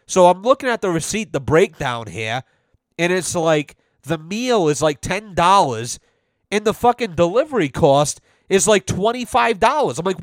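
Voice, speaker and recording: Man, podcast host, profane casual rant, slightly high voice, dry close sound. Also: normal speed, no room sound. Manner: profane, animated storytelling with quoted voices. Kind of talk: casual ranting monologue.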